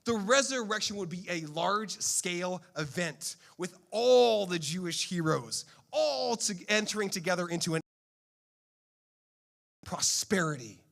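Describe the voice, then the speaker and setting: A male pastor preaching a sermon in a playful, animated storytelling manner. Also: high-pitched, measured pace, creaky.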